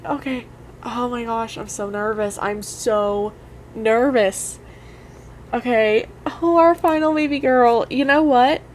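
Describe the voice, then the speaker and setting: A young woman giving casual, excitable commentary over a life-sim game, talking straight to her viewers and gushing nervously. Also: medium pitch, a little hiss or hum. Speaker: gaming YouTuber.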